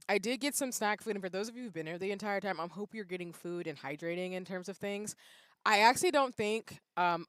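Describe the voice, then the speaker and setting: A woman streaming a game, chatting casually with her viewers in a playful, flustered way that breaks into loud bursts. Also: medium pitch, clear, resonant tone, dry recording. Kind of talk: casual livestream chat while gaming. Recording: music playing behind.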